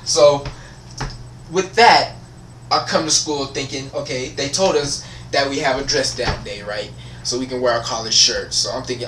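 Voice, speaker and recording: A man's voice: medium pitch, fairly even intonation, a little slow, pauses often, fairly bright tone, a little hiss or hum. A teenage boy telling a school story as a casual, profane, frustrated rant. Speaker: vlogger. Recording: echoey room, voice from far off.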